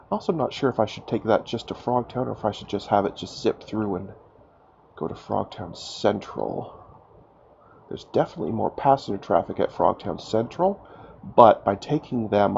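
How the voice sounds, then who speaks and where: A stuffed-up man with a low, gravelly voice talks his way through a game, his pitch jumping lively. He thinks aloud and jokes about his own choices. The mic sounds dull and lo-fi, with a faint hiss. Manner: chatty, self-mocking, thinking aloud. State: stuffed up from a cold. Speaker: gaming YouTuber. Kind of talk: casual let's-play commentary.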